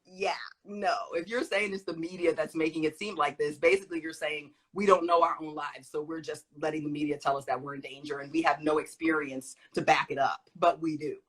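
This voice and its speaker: An emphatic woman guest teaching in a conversational way, her voice bright, forceful and somewhat husky. She talks animatedly and stresses her points hard, often laughing between them. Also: low voice, fairly even intonation, a little fast, hardly any pauses, poor audio. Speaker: guest speaker.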